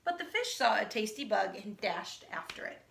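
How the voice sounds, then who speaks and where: A woman teacher reading a children's picture book aloud, animated and asking her listeners questions. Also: medium pitch, normal speed, vocal fry, slight background noise. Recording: echoey room.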